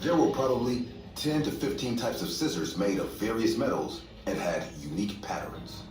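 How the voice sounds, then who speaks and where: A man narrating a scripted horror story in a steady, measured way. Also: fairly low pitch. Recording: echoey distant room, faint music.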